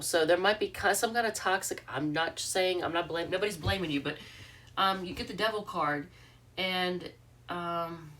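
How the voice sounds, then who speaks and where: A woman's voice: on the low side, normal speed, a bit bright, recorded from a distance, a little hiss or hum. A congested woman giving a casual, rambling tarot reading, full of fillers and restarts. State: congested from allergies. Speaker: tarot reader.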